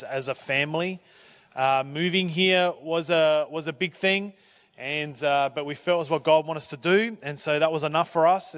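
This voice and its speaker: A man pastor speaking to a church, halting and full of restarts, with self-deprecating humour. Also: a little high, fairly bright tone. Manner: halting, with many fillers and restarts. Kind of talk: church talk.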